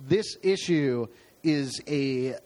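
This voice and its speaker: A man's voice: mid-range voice, very slow, a little mellow. A man chatting casually about comic books, opinionated and jokey, rambling through plot summaries. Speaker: comic book podcast host. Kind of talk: casual chat reviewing comics.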